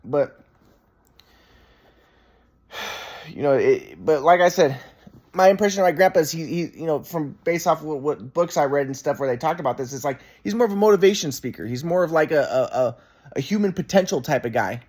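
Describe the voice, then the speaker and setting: A man's voice: a little high, expressive, normal speed, darkish tone. A man in a rambling, casual monologue, often restarting and repeating himself, frustrated and swearing.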